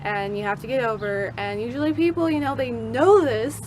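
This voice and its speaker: A woman's voice: fairly high pitch, a little fast. A young woman telling a casual storytime vlog outdoors, with birds and cars in the background. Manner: animated, mock-angry rants with kid-friendly insults. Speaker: vlogger. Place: outdoors in nature. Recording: faint outdoor background noise. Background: birds, cars and distant voices.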